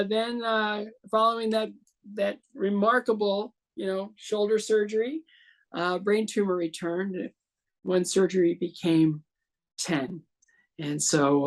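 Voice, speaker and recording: A man's voice: sits high, gravelly. A man in his sixties, a guest in an interview, telling a long story and acting out the other voices in it. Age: 60s.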